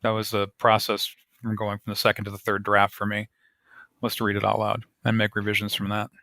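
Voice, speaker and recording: A man, an author being interviewed on a podcast, explaining his craft in a thoughtful, measured way. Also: on the low side, monotone, creaky, pushed and bright, no echo. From United States. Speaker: author guest.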